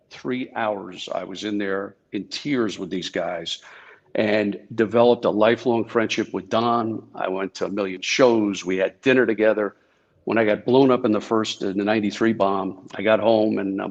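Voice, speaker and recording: Gravelly man telling stories on a call. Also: on the low side, steady tone, moderate pace. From New Jersey. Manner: chatty anecdotes with many fillers. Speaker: guest speaker, former Secret Service agent. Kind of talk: casual storytelling talk. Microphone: video call. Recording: lo-fi video call audio.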